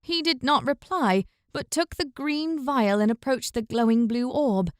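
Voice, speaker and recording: Reading scripted fantasy, this audiobook narrator uses a high voice and a steady, even storytelling style. Her recording sounds close and dry, free of room sound.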